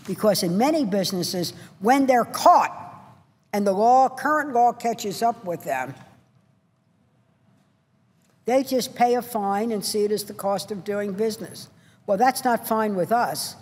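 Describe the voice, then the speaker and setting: A woman senator speaking on the floor of a large legislative chamber, her voice at a middling pitch. She builds her points into short, punchy, repeated phrases with rising passion. Her words ring out with a long reverb from the big hall. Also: animated, normal speed, darkish tone, slightly rough.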